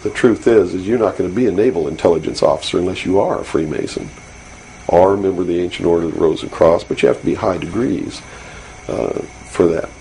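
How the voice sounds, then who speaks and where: A man's voice: low voice, quick pace, creaky, dark tone, poor audio. A man as an interview guest, speaking earnestly and insistently, with many fillers and restarts. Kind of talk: recorded interview. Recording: faint hiss from an old 1992 interview tape.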